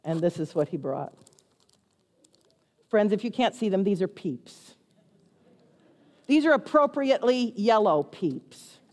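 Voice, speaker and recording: A woman's voice: medium pitch, measured pace, long pauses. Woman pastor telling a story in a reverberant hall. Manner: animated, self-mocking storyteller. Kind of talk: storytelling sermon. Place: church sanctuary.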